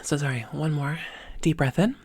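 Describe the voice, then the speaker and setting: A woman's voice: low voice, normal speed, a little mellow, slightly rough, dry recording, clean studio sound. Upbeat woman voice coach explaining. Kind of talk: spoken voice lesson. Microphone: desk microphone.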